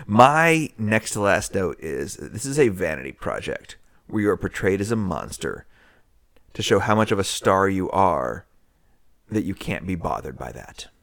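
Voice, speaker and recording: Animated male podcast co-host. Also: low voice, unhurried, no room sound, clean studio sound. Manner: animated, laughs often, jokey put-on voices. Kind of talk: casual movie review chat.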